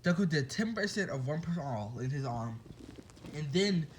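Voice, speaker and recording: Young man, slightly high voice, rambling fan storyteller, excitable, lots of fillers. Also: normal speed, slight background noise. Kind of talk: casual fan-fiction retelling.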